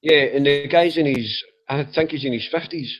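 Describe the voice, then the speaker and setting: A man's voice: fairly high pitch, normal speed. A man with a Scottish accent in a casual group voice chat, joking and swearing as he tells stories. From Scotland. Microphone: old computer mic. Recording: dull old microphone.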